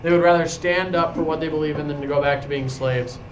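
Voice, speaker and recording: A man's voice: a little high, fairly even intonation, fast, highs cut off, a little hiss or hum. A man teaching a history class, telling a story to his students with frequent restarts. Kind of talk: classroom lecture. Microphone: far camera. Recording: echoey classroom from far off.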